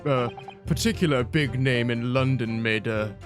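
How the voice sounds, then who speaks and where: A man voicing a haughty male prosecutor with a measured, taunting delivery. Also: mid-range voice, natural voice. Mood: smug. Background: game music.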